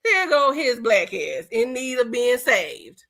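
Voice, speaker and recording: Woman podcast co-host, high and very animated, blunt and mocking. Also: takes it slowly, creaky. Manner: brash, profane, mocking. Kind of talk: casual podcast banter.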